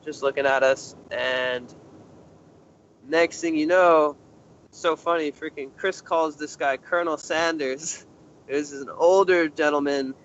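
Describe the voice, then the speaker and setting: A young man, a guest in an interview, casually telling a story and acting out what others said. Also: a little high. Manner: animated, acts out other people's lines in a raised voice. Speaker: interview guest, urban explorer. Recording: slightly muffled with faint noise.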